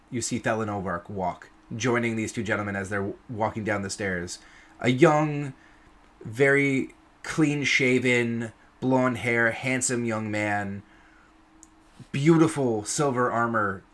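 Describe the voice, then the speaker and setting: A man's voice: mid-range voice, fairly bright tone. A man narrating a tabletop game as game master, loose and descriptive.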